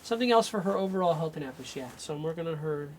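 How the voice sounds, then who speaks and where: A man's voice: fairly high pitch, lively intonation, rapid-fire, a little mellow, a little hiss or hum. Rambling man running a live healing session. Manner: rambling, thinks aloud, breaks off mid-sentence. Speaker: energy healer; radio show host.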